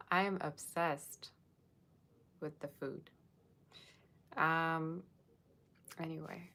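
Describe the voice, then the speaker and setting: A woman's voice: low-pitched, little pitch movement, unhurried, creaky, long pauses, fairly bright tone. A woman giving a casual, rambling livestream tarot reading, chatting with viewers and thanking them by name. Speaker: tarot reader.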